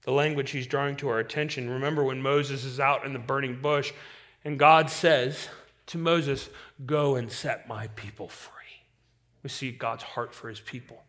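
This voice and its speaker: A male pastor preaching a sermon with passion, swinging from loud declarations to hushed, quiet lines. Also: medium pitch, fairly even intonation, moderate pace.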